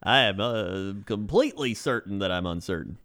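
A man delivers mock weather and sports reports in a laid-back, joking podcast banter. His voice sits fairly low. His delivery stays easygoing and casual throughout. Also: animated, moderate pace, a bit bright. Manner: laid-back, joking, frequent laughs and fillers.

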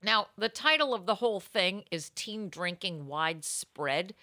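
A woman co-hosting a podcast, chatting playfully, yelling names for laughs and reading old newspaper columns aloud with wry comments. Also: mid-range voice, expressive, unhurried, dry recording, clean studio sound. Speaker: podcast co-host. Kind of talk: casual comedic chat.

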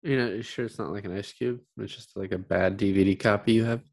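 A man's voice: fairly low pitch, steady tone, quick pace, vocal fry, darkish tone, no room sound. A man co-hosting a casual movie chat, blunt and joking, with a habit of swearing. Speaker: podcast co-host.

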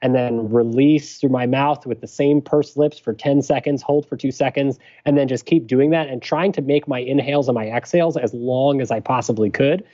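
A man speaks as a physician guest in a steady, explanatory way. His voice sits in an ordinary middle register. The recording is a bit dull and lo-fi. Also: mid-range voice. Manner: measured, explanatory. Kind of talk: podcast interview.

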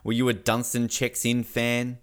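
A man's voice: mid-range voice, monotone, measured pace, clear, resonant tone. A man co-hosting a podcast, chatting casually and rambling, often laughing. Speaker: podcast co-host. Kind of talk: casual chat.

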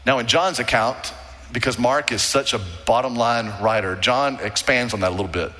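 A pastor delivers an earnest, emphatic sermon, his bright, forceful voice ringing through a big sanctuary with long reverb. He slows down and drops low to stress key words. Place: large church sanctuary.

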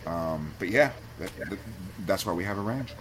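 A man's voice: deep voice, lively intonation, normal speed, background noise. A man on a podcast as a guest, telling a personal story in a candid, heartfelt way that gets him choked up. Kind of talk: casual storytelling.

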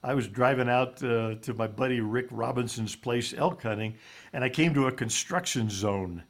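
A man's voice: mid-range voice, normal speed. A man telling a heartfelt story as a guest on a talk show, earnest and folksy, with plenty of "uh"s. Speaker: guest speaker.

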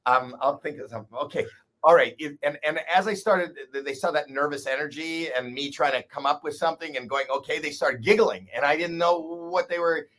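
A man in his sixties, a guest comedian telling a story in casual chat, animated, swearing and poking fun at himself. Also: a little high, a little fast, hardly any pauses. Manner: animated, profane, self-deprecating.

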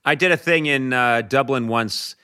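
A man chatting casually as a guest, telling lively anecdotes. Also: mid-range voice, moderate pace, clear, resonant tone. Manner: animated storyteller, slips into Irish voices for laughs. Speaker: talk show host, guest.

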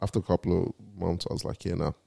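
Man, low dark voice, dry close sound, laid-back chat. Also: level tone, fast talker, creaky, no room sound. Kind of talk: casual chat.

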